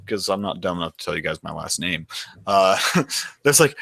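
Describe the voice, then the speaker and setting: A man with a lowish voice and a bright, forceful tone tells crude stories on a casual podcast, swearing as he goes. The sound is dry and close to the mic. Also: animated, normal speed, vocal fry, dry recording. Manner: crude storytelling, swears freely. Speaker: podcast co-host. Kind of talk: casual chat.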